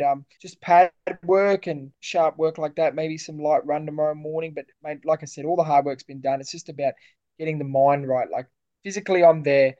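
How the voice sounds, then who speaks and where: Confident Australian boxer, lo-fi line. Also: male voice, fairly high pitch. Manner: relaxed, matey, confident. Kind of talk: casual interview.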